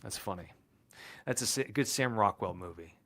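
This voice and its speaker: Lowish voice dude cracking jokes on a podcast, bright edgy tone. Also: male voice, moderate pace. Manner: joking, teasing banter. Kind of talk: casual podcast chat.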